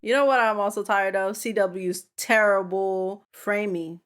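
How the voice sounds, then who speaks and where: A woman's voice: medium pitch, steady tone, measured pace, fairly bright tone. A woman hosting a reaction video, talking bluntly and with exasperation, scolding the characters, gasping and laughing as she watches. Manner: gasps and laughs freely. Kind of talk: casual reaction commentary.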